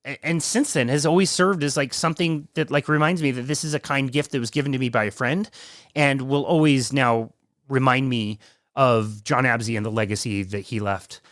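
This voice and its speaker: Male podcast host, mid pitch, dry close sound, choked up and hesitant. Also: a bit bright, no echo. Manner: casual, halting, many fillers. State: emotional, near tears. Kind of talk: emotional tribute talk.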